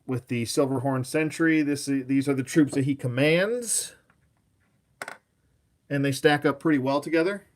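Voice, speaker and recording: A man hosting a live action figure review, talking casually in a rambling, self-mocking way and chatting back to viewers. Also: mid-range voice.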